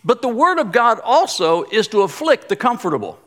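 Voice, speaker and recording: A man, a former pastor, giving a sermon with animated delivery and repeated phrases. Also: high voice, brisk. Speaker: guest pastor, former pastor of the church.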